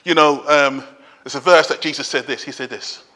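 A man's voice: mid-range voice, fairly even intonation, normal speed, bright, forceful tone, long reverb tail. A middle-aged man preaching a sermon in a conversational way, driving points home through repetition.

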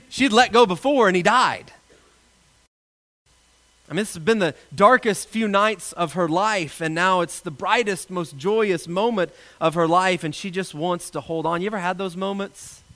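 A male pastor delivering a sermon, an animated storyteller who jokes with his congregation. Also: high-pitched.

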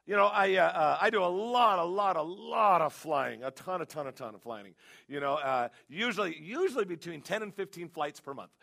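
A man preaching a sermon as pastor, telling jokey stories with animated, shouted bursts. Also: sits high, moderate pace, creaky.

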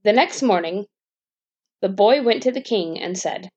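A woman reading a fairy tale aloud as a bedtime storyteller, steady and gentle. Her voice sits in a middle range. The recording is dull and dry. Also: medium pitch, unhurried, slightly rough, no room sound.

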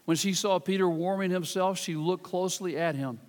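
A pastor with a Southern American accent preaching a sermon in an earnest way and reading scripture dramatically. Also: male voice, sits high, fairly quick, in a large hall. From Southern United States.

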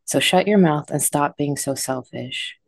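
A woman's voice: sits low, a little slow, vocal fry, breathy edge, dry recording, exaggerated voice. A woman voicing a strict mother of young girls who scolds firmly. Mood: harsh. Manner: firm, scolding.

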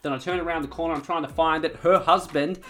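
A man's voice: on the high side, steady tone, fast talker, a bit bright. An Australian man co-hosting a podcast, telling rambling stories in casual chat and swearing freely. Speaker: podcast co-host.

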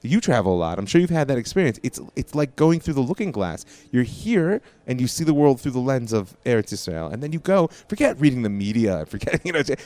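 A man's voice: medium pitch, a little mellow. A man, a rabbi and guest, talking casually and emphatically, reasoning aloud with rhetorical questions. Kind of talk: casual conversation.

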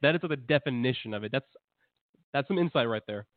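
A man's voice: medium pitch, animated, fast, dry recording. A male podcast host asking questions hesitantly, with academic terms. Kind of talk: casual discussion. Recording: tinny phone-like call audio, dry.

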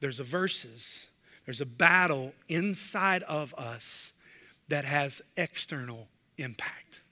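A man's voice: mid-range voice, takes it slowly, bright, forceful tone. A male pastor preaching a sermon, emphatic and full of rhetorical questions, in a church sanctuary. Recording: long reverb of a large hall.

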